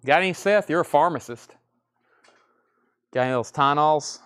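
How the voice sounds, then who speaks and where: A man with a Southern accent hosting a live-streamed record sale, briskly reading out titles and prices with joking asides. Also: on the high side, a bit bright, clear, resonant tone. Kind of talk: live-stream auction calling.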